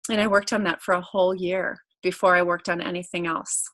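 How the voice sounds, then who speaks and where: A woman's voice: on the low side, little pitch movement, brisk, a bit bright, no room sound, rough recording. A middle-aged woman who is a guest in an interview, talking openly and casually about her own life as a parent. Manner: open, candid storyteller who acts out family quotes.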